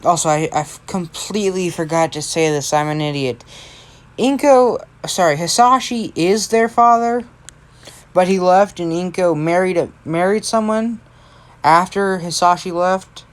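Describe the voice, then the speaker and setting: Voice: medium pitch, measured pace. A tired amateur storyteller improvising a fan story, rambling and correcting themselves as they go. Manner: rambling, self-correcting, unscripted.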